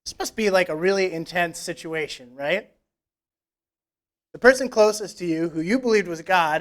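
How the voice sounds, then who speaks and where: A man's voice: high-pitched, a bit bright. A man preaching a conversational sermon in church, retelling scripture with casual, joking asides. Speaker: pastor. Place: church service.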